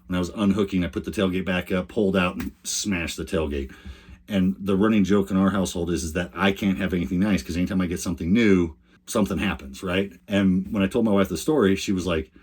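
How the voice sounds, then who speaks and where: An older man tells a rambling, chatty story straight to the camera. His voice sits low and a little husky, and he often stops and restarts his sentences. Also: steady tone, fast, darkish tone. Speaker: RV lifestyle vlogger.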